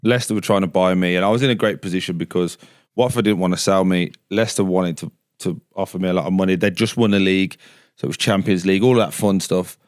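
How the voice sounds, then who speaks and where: A deep-voiced man tells a long story in a loose, casual podcast chat. He swears without a second thought and drops to a near whisper when he quotes other people. The sound is close and dry. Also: steady tone, fast talker, no echo. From England. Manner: swears freely, acts out quotes in a hushed voice. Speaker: guest, former footballer. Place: basement studio.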